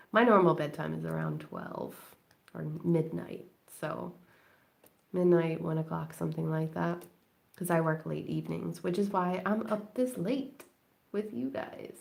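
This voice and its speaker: Brief: woman live-stream crafting host, lowish creaky voice, chatty and rambling, laughs often. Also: steady tone, measured pace. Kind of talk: late-night casual chat while crafting. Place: at home indoors.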